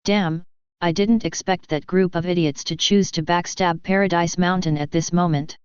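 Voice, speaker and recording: A woman's voice: lowish voice, fairly even intonation, normal speed, darkish tone, clear, resonant tone, no echo, highs cut off, lightly acted. A woman voicing an angry, exasperated male ruler of the abyss who sounds irritated and helpless in an audiobook.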